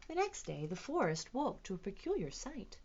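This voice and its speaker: A woman lively children's librarian. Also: mid-range voice, normal speed, dull audio, a little hiss or hum. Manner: expressive, playful reading to young children. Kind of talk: children's storytime reading aloud.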